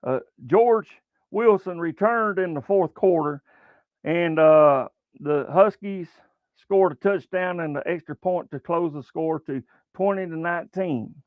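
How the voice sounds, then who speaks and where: A Southern American man hosting a sports show chats unhurriedly through a casual livestream, rambling in a folksy way with plenty of fillers. His voice sits a little high, captured on a webcam setup that sounds thin and phone-like in a very dry room with no room sound.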